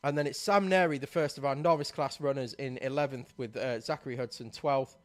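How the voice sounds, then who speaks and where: Man, live race commentary, running order, mid pitch. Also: steady tone, brisk. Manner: reads out positions, lifts voice at race start.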